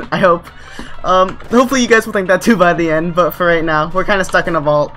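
A woman's voice: on the low side, steady tone, fairly quick, fairly bright tone, faint music behind. A woman giving live speedrun commentary in a casual, joking, filler-laden way.

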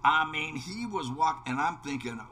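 A man's voice: on the high side, animated, moderate pace, bright, forceful tone, slight background noise. A man hosting a game video, telling a casual anecdote with many restarts, fillers and repeated words. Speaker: let's play host. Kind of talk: casual anecdote told while gaming.

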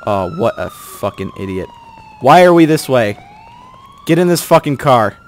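A man giving gameplay commentary, exasperated and swearing, yelling at the characters on screen. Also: a little high, sing-song, moderate pace, a little hiss or hum. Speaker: let's play host.

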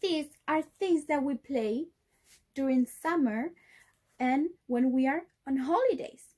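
A woman's voice: sits high, slow, warm tone. A woman teaching a video class to young children, drawing out key words in a sing-song way for them to repeat. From Chile.

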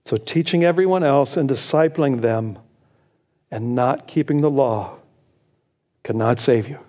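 American pastor preaching with rising intensity. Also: male voice, mid-range voice, a little slow, mellow, muffled recording. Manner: laughs between points. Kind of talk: sermon.

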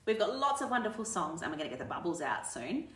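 This library presenter runs a livestreamed baby and toddler sing-along, chatting in a cheery, sing-song manner to children and parents. She has a lowish voice and is very animated, talking fast, and she sounds distant in an echoey room.

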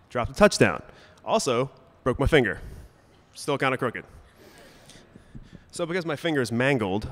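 Young adult male storyteller on a stage, easygoing delivery with comic timing and sharp bursts of emphasis. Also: fairly low pitch, big-room sound. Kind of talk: personal storytelling to a live audience. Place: stage at a brewery event.

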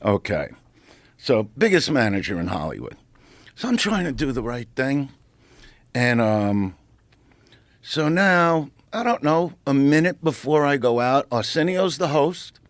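A man's voice: medium pitch, a little slow, dry recording. A middle-aged man, telling a rowdy showbiz story in a casual podcast chat. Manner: animated, profane, acts out voices in anecdotes. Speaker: guest comedian. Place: podcast studio.

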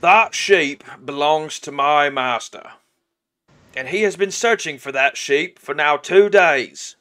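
A man's voice: on the high side, bright, forceful tone, pitched above the performer's own voice. A man doing a pompous blustering orc. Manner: slow, blustering, self-important. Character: pompous male orc henchman with wolves.

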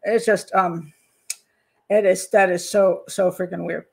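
A woman hosting a true-crime channel, analysing a case in a casual, animated way, pausing to check her notes and acting out people's reactions. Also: lowish voice, vocal fry, slightly rough. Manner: animated, talks to herself while checking notes, acts out panicked parents. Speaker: criminal profiler and channel host.

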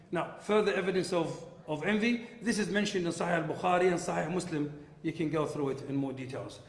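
Man, fairly high voice, impassioned lecture, large echoing hall with a long reverb tail. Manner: impassioned, rising to near shouting at climaxes. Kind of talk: religious lecture.

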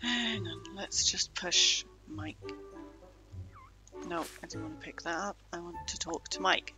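A woman's voice: fairly low pitch, measured pace, music in the background, low-quality recording. A woman hosting a let's-play video, chatting casually and muttering to herself as she plays. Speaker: gaming channel host.

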